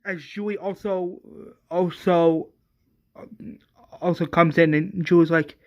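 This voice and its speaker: A man retelling a story scene by scene, halting and repeating words as he narrates. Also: on the high side, steady tone, a little mellow. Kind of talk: retelling a fan series scene by scene.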